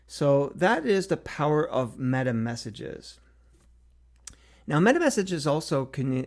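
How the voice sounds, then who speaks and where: A man's voice: mid-range voice, darkish tone. A middle-aged man talking casually to camera about marketing, thinking aloud with frequent fillers and restarts. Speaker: marketing consultant hosting a Q&A series. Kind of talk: casual solo talk to camera.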